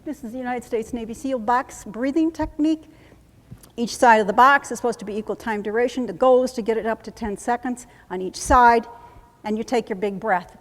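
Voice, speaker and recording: A woman giving a live training demonstration at a conference, coaching in a brisk, commanding way with chanted repetitions. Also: on the high side. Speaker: workshop presenter. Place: conference room. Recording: long hall reverb.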